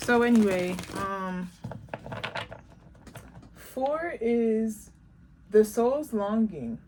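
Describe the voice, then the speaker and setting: A woman giving a casual tarot reading, talking bluntly and profanely, animated and laughing often. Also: a little high, extremely slow. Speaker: tarot reader. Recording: background noise.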